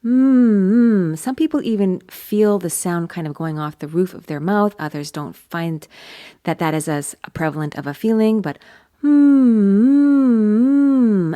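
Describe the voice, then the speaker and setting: Woman vocal coach, slightly low pitch, patient and encouraging teaching delivery. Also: warm tone. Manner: demonstrates hums between explanations.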